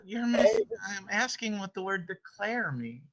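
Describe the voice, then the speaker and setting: A teacher with a medium-pitched, fairly bright voice runs an online homeschool class over a video call, sounding very animated at a normal speed. She playfully calls on students by name and reads scripture aloud. The call audio is dull and lo-fi.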